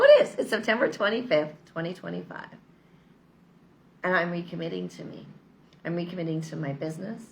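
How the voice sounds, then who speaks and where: Woman, low gravelly voice, chatty motivational vlog, faint noise behind. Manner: chatty, upbeat, persuasive. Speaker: vlogger. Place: lives in Mexico.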